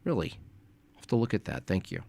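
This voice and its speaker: A man's voice: low-pitched, sing-song, fast talker, vocal fry, a little mellow, breathy edge. A man hosting a casual livestream, coughing and losing his voice, who rambles tiredly with many hesitations. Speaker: livestream host.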